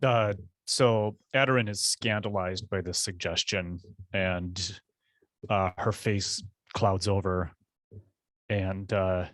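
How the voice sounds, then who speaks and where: A man playing a tabletop game over a video call, narrating his character in a halting way. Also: low-pitched, fairly even intonation, no echo, studio quality. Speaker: player.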